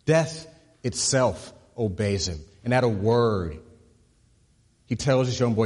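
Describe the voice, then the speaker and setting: Husky-voiced pastor preaching in a reverberant hall. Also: male voice, animated, unhurried, long pauses. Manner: repeats words while building to a point, drops low and soft on key phrases. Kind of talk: sermon.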